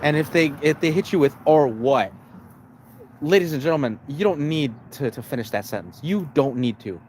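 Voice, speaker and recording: A man giving rambling casual commentary on a live stream. He restarts often and keeps calling out to "ladies and gentlemen.". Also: a little high, expressive, brisk, a little hiss or hum.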